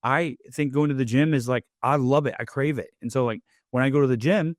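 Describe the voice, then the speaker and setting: A man in a middle register hosts his own podcast in a relaxed, rambling monologue. He keeps dropping "like" and "right?" as he goes. The recording is dry, with no room echo. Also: mid-range voice, brisk. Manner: loose, chatty, leans on "like" and "right?". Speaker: podcast host. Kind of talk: casual motivational monologue.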